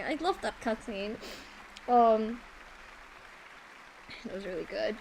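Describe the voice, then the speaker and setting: A woman's voice: on the high side, slow, gravelly, a little mellow, a little hiss or hum, poor audio. A young woman streaming a game reaction, emotional and teary, laughing and swearing as she gushes.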